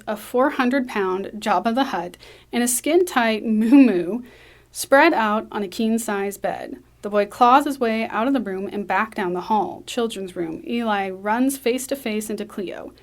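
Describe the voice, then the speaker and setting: A woman reading a screenplay aloud, brisk, with small slips and restarts. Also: medium pitch. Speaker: script reader.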